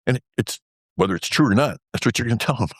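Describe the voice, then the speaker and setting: A man's voice: mid-range voice, quick pace, gravelly, slightly rough, dry recording, studio quality. A man, an interview guest and former pilot, telling a story in a rambling, wry way full of fillers.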